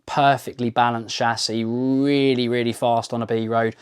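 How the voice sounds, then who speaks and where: A man hosting his own car channel, speaking casually and unscripted. He gushes with enthusiasm, full of ums, half-finished phrases and restarts. His voice sits at an ordinary mid pitch. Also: level tone, normal speed, smooth. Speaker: car review channel host. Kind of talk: casual unscripted talk to camera.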